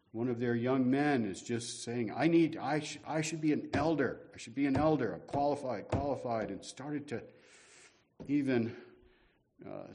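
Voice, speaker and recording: A man's voice: mid-range voice, darkish tone. A man preaching a sermon to his congregation in a conversational way, with rhetorical questions and self-deprecating humor. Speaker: guest preacher.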